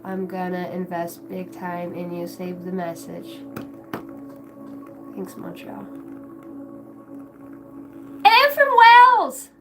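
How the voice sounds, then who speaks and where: A woman's voice: on the low side, monotone, slow pace, long pauses, over music, low-quality recording. Profane, scattered woman host reading chat. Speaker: tarot livestream host. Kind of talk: casual livestream chat.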